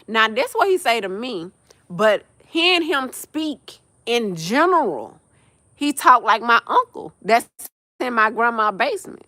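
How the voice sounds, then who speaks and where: A woman's voice: a little high, unhurried, no room sound. A young woman, hosting a livestream and talking in a blunt, profane, casual rant. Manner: blunt, profane, animated ranting with laughs. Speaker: livestream host. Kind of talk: casual chat.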